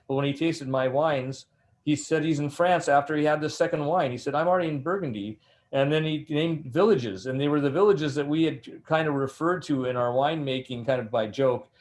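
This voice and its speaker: A man's voice: medium pitch, brisk. Older man telling rambling wine anecdotes. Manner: rambling, animated storyteller. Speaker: winemaker and master sommelier guest. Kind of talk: anecdotal interview storytelling.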